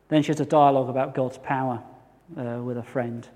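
A man delivers a measured, earnest sermon from the front of a church. His voice sits at a middle pitch, with a dry flash of humour now and then. The long hall reverb trails behind every phrase. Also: steady tone, darkish tone. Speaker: pastor.

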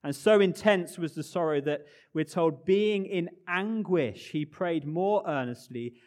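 A man preaching a sermon with earnest emphasis, dropping to hushed low phrases and rising again.

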